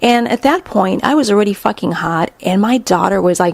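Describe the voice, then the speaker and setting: A middle-aged woman hosting a podcast, telling a story in a blunt, profane, animated way. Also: mid-range voice, brisk, vocal fry, no echo. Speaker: podcast host. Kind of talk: casual storytelling monologue.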